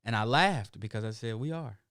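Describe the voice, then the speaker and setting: A man's voice: mid-range voice, a little fast, a bit bright, clear, resonant tone, dry recording, studio quality. A middle-aged man, hosting his show in a casual, rambling monologue full of emphatic asides. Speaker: show host.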